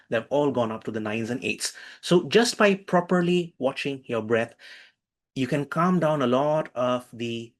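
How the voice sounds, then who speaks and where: Man leading a breathing workshop. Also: mid-range voice. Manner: animated, calls for attention, repeats phrases. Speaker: workshop instructor. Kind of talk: online workshop teaching with guided breathing.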